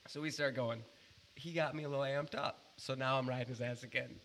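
A man telling a story in casual chat, animated and swearing freely, rambling with restarts. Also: mid-range voice, fairly quick, a little hiss or hum.

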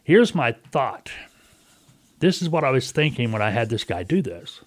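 A man's voice: mid-range voice, big pitch swings, moderate pace, dry recording. Middle-aged male radio host, folksy storyteller, dry close mic, casual chat. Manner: folksy, storytelling, acts out callers in quotes. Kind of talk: casual talk radio monologue.

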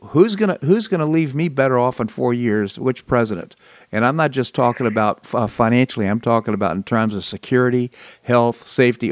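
A man's voice: medium pitch, dry recording. A man hosting a talk show, chatting casually about politics and memories, with frequent chuckles. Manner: conversational, chuckles often. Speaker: radio show host.

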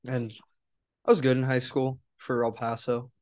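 A young man who pitches and coaches baseball, talking in a laid-back way in casual chat. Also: little pitch movement, moderate pace, a little mellow. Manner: laid-back, says "dude" a lot.

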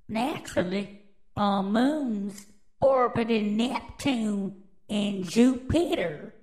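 A woman's voice: a little high, a little mellow, low-quality recording. A woman, hosting a podcast and riffing on news stories in a brash, profane, drawling way. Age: adult, with children. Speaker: podcast host. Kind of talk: casual news commentary.

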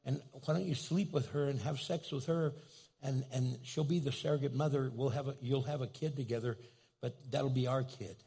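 A man's voice: mid-range voice, fairly even intonation, moderate pace, creaky, mellow, slightly rough, pitched below the performer's own voice. A worried older wife in a sermon retelling, hesitant and stammering, with a man acting her out. She sounds fretful and resigned.

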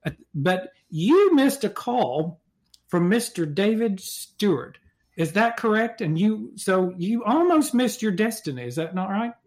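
High-voiced male interviewer, earnest. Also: animated. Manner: earnest, halting questions. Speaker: podcast host. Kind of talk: interviewing a guest.

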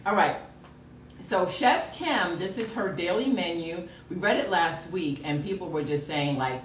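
Animated woman host in a roomy echo. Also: fairly low pitch, normal speed, recorded from a distance, slight background noise. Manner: animated, loud at times, laughs often. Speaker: podcast host. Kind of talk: casual live-stream chat.

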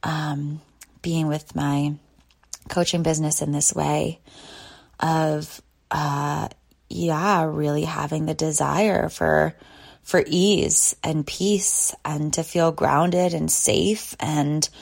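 A woman in her thirties talks from her bed in a relaxed solo podcast chat. Her voice sits low and has a gravelly fry, and she takes her time, drifting through long pauses and soft sighs. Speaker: podcast host. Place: lying in bed at home.

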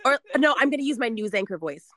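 A woman in her thirties, hosting a casual chat, animated and laughing as she talks. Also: fairly high pitch, fast talker. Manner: animated, laughing, reads lyrics aloud playfully.

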